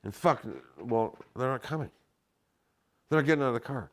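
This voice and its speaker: A man telling a story in casual chat, animated and profane, acting out the shouted lines. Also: mid-range voice, moderate pace.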